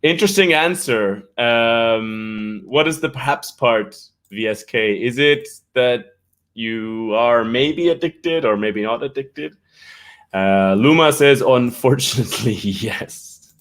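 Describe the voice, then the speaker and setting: A man's voice: mid-range voice, slow pace, a bit bright. Irish guy hosting a live stream, chatty, reads out names from the comments, laughs a lot. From Ireland. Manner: greets viewers by name from the comments, laughs often. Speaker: English teacher, live-stream host. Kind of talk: casual live-stream chat.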